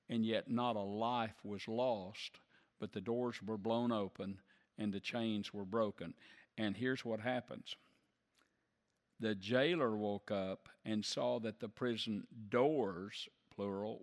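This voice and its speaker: Preaching man in a reverberant hall. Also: medium pitch. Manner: emphatic, slows down for stress. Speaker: pastor. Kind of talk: sermon. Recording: long reverb of a large hall.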